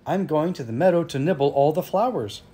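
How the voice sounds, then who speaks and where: A tiny, timid billy goat from a picture book, squeaking as he begs. The voice sits high and soft, a man playing him. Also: expressive, fairly quick, close to an everyday voice. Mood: pleading. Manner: squeaky, pleading.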